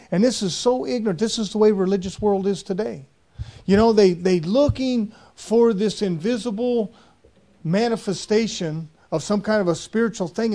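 Man, preacher, folksy rambling sermon, mellow, slightly high voice. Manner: folksy, rambling storytelling with dialect grammar.

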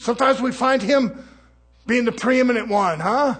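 High husky-voiced male preacher. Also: normal speed. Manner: fervent, swinging from hushed asides to shouting; folksy, plain-spoken. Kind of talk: sermon.

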